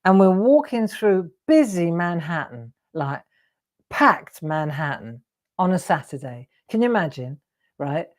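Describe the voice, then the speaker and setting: A woman's voice: on the low side, big pitch swings, a little slow. An English woman hosting a live crafting show, telling rambling anecdotes and laughing often. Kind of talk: chatty storytelling while crafting.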